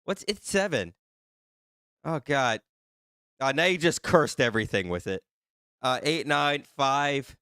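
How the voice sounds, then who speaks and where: A man hosting a live stream who reads out the chat in a flustered, excitable way and teases the viewers. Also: mid-range voice, measured pace, long pauses, clean tone, dry recording, clean studio sound. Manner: flustered and excitable, laughing often, teasing viewers. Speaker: livestream host reading chat.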